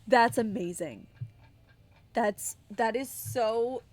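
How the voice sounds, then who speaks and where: A woman's voice: fairly high pitch, extremely slow, a crowd in the background. A young woman streamer chatting casually with her viewers, giggly and a bit tired. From United States. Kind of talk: casual live-stream chat.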